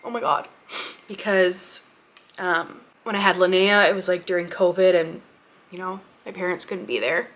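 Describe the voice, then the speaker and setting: A woman's voice: on the low side, moderate pace, a bit bright. A young woman telling a personal story in a casual, emotional way, with many "like"s. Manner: casual, emotional, says "like" often. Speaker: vlogger.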